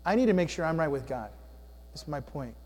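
A man preaching a sermon as a pastor, with animated delivery that swings between loud and hushed. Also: on the high side, fairly quick, in a large hall. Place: church sanctuary.

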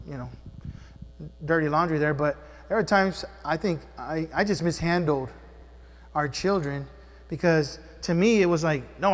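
Speaking in a fairly high voice, a middle-aged man delivers a sermon as pastor of a church. He keeps it conversational, asking his congregation questions, while the sanctuary gives his voice a big-room sound.

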